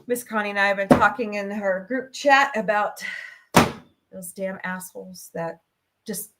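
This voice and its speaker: A woman's voice: medium pitch, a little slow, background noise. A middle-aged woman hosting a casual livestream from home into a laptop mic, talking emotionally and venting. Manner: emotional, venting, tearful at times. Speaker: podcast host. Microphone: laptop microphone.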